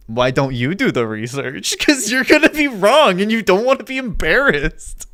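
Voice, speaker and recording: A man's voice: fairly high pitch, lively intonation, normal speed, hardly any pauses, fairly bright tone, dry recording, studio quality. A young man streaming, arguing with his chat in a sarcastic, argumentative way and laughing often. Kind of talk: casual livestream chat.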